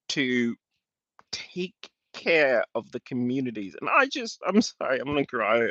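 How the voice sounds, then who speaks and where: A man's voice: medium pitch, fairly bright tone, no room sound. A man on a livestream, answering chat in an emotional, rambling rant and swearing often. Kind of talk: rambling live-stream talk. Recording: dull lo-fi dry sound.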